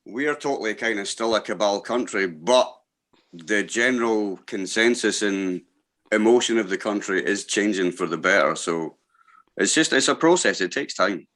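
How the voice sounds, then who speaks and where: A man with a fairly low voice speaking on a video call, easygoing and slow to find his words at times. He sounds relaxed and casual. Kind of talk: casual political chat.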